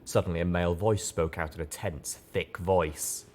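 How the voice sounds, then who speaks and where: Reading a first-person tale as an audiobook narrator, this man speaks in a deep, low voice with a measured, even pace. The recording is very noisy.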